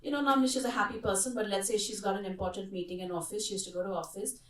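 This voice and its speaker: A woman's voice: medium pitch, very fast. A middle-aged woman leading a workshop, telling stories and asking the audience questions. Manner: lively storytelling, asks the audience questions. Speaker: workshop speaker. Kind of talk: interactive workshop talk. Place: conference hall. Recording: echoey hall, voice from far off mic.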